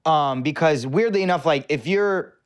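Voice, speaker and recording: A young man co-hosting a podcast, asking relaxed, filler-heavy questions in a casual studio chat. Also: a little high, moderate pace, clear, resonant tone. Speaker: podcast co-host.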